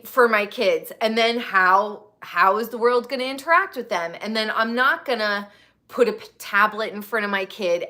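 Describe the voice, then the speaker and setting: Bright-voiced candid woman streamer. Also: a little high. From United States. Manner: candid, profane, talks to chat viewers. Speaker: livestream host. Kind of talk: casual live-stream chat.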